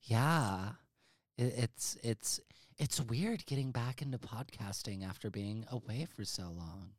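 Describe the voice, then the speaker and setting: A man hosts a movie podcast from his home office, swearing freely and spinning out long, overblown riffs. His middle-pitched voice sits dry and close to the mic, with no room sound. The delivery is loose, jokey chat. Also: animated, a little slow, no room sound. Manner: profane, hyperbolic, rambling. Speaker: podcast host. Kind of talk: casual comedic chat.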